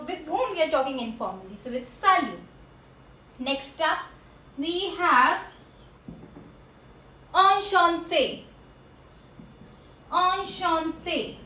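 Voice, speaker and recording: Slow, high-voiced woman teaching French. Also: bright, forceful tone. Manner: slow, repeats each word for learners. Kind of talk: classroom language lesson. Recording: echoey room.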